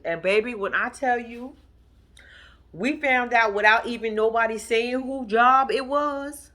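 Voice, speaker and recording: Profane, animated woman vlogger. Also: fairly high pitch, unhurried. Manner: profane, animated, talks straight to viewers as y'all; laughs between her own stories. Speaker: vlog host recapping a TV episode. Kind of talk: casual storytelling commentary.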